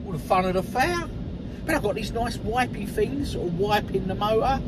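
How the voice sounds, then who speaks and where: A man's voice: high voice, animated, normal speed. A man, chatting jokily to viewers from his car as it goes through a car wash. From England. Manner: chatty, jokey, addresses viewers as "people" and "mate". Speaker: vlogger. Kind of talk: casual vlog chat. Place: inside a car at an automated car wash. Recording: noisy car wash in the background.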